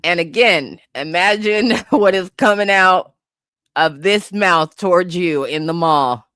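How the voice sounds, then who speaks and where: A woman with a lowish but bright, forceful voice whose pitch swings widely as she riffs. She delivers comedic pop-culture commentary in an incredulous, profane way, at an unhurried pace. The sound is dry and close. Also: dry recording. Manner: animated, incredulous, bursts of laughter, profane asides. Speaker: host.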